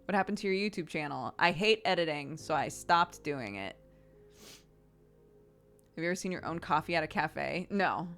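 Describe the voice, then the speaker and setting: Woman streamer, 30s, lower-pitched, easygoing chatter with frequent laughs. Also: normal speed, pauses often, faint music behind. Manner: relaxed and chatty, laughs often. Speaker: streamer answering chat. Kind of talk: casual chat.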